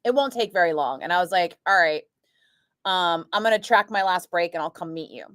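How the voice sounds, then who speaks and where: Animated woman DJ telling stories. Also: fairly low pitch, a little fast, dry recording, studio quality. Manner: animated, acts out quoted voices, frequent "like". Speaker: radio DJ chatting with a live stream. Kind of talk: casual storytelling chat. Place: radio studio. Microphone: studio microphone.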